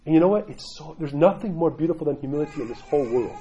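A man's voice: fairly high pitch, animated, rapid-fire, warm tone, highs cut off, slight background noise. A middle-aged man, an Orthodox Christian clergyman, giving casual spiritual talk and often asking "right?". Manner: conversational, keeps asking "right?"; acts out quoted voices.

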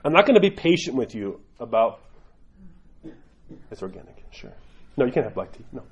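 A man's voice: mid-range voice, sing-song, moderate pace, husky, dull audio. A man who is an Orthodox priest, teaching in a loose conversational way and often checking in with "right?". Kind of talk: informal teaching talk.

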